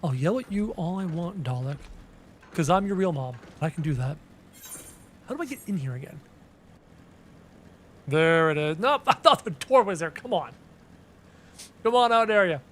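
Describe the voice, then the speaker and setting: A man streaming a game live, chatting casually with his viewers in a playful, teasing, self-mocking way. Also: high voice.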